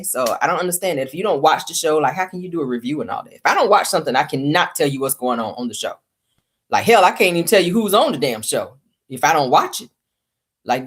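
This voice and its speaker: A woman hosting her own channel, dishing casual reality-TV gossip commentary in a sassy, blunt way, talking straight to her viewers. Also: lowish voice. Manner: sassy, blunt, addresses viewers as "y'all" and "baby".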